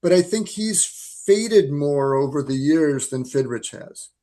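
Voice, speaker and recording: Lively man in his sixties telling stories. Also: on the high side, unhurried. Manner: lively, animated storyteller. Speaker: filmmaker guest. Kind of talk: storytelling interview answers.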